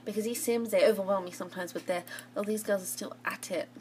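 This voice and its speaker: A woman's voice: medium pitch, fairly even intonation, fast, a little mellow. Chatty woman narrating a game. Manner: chatty, giggly, cheering on the game. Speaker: gaming channel host. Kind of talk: casual let's play commentary. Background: game music.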